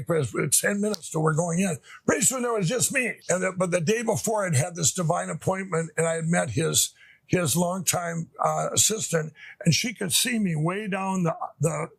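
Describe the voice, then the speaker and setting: Gravelly, husky middle-aged man telling a story. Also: sits high, dry recording. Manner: rambling, restarts often, emotional retelling. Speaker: interview guest. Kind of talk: conversational storytelling.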